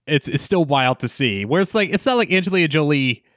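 A man's voice: on the high side, animated, brisk, fairly bright tone, no room sound, clean studio sound. A young man co-hosting a casual movie-review podcast, rambling and swearing with many "like" fillers. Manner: rambling, profane, filler-heavy, lots of "like". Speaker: podcast co-host.

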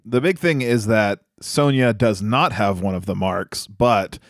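A man's voice: on the low side, a little slow, no echo, studio quality. A man co-hosting a casual podcast, mocking a film's choices in sardonic commentary with frequent laughter. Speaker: podcast co-host. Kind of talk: casual film discussion.

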